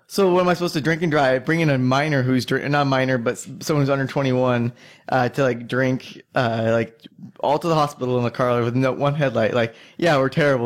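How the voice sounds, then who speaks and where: A young man telling a long drinking story in casual chat, rambling, swearing and laughing as he goes. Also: mid-range voice.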